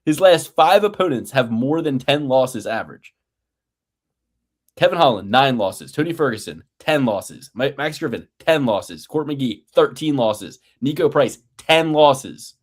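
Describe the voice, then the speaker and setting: Man, podcast co-host, exasperated profane rant, sarcastic mocking edge, middle-pitched voice. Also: animated, measured pace. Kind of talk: casual sports betting chat.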